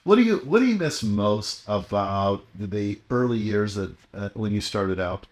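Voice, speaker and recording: Male podcast host, lowish voice, easygoing and encouraging, quick "yeah"s. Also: lively intonation. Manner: affable, encouraging, lots of short affirmations. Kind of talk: casual interview chat.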